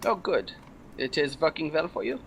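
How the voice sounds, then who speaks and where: A man's voice: a little high, animated, normal speed, gravelly, breathy edge, exaggerated voice. A man playing a stiff, formal bounty hunter in a tabletop game, with stilted, polite phrasing. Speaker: player.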